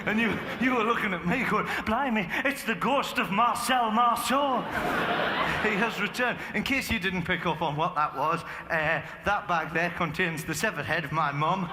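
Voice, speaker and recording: A man doing stand-up crowd work on a theatre stage, rambling and excitable, chatting with the audience and breaking into sudden shouts. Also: high-pitched, normal speed, hardly any pauses. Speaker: stand-up comedian. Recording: echoey live theatre recording with crowd noise.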